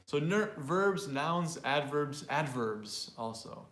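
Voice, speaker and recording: A man's voice: on the high side, expressive, slow pace, a bit bright, reverberant. A man teaching an online English pronunciation class. He explains in a talkative way and often repeats or restarts words.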